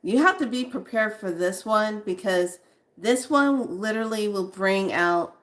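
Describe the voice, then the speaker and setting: A woman hosting a spiritual vlog, reading names aloud slowly with breathy exclamations and sudden whoops while she says she is overheated and sweating. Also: mid-range voice, lively intonation. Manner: slow, breathy exclamations, bursts of whooping and laughter. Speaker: spiritual vlogger.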